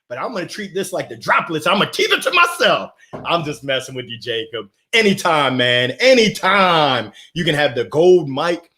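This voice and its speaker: A man's voice: on the high side, sing-song, moderate pace, bright, forceful tone. A man hosting a live motivational stream, greeting viewers by name with exuberant energy and frequent laughter. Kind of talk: lively live-stream chat reading comments.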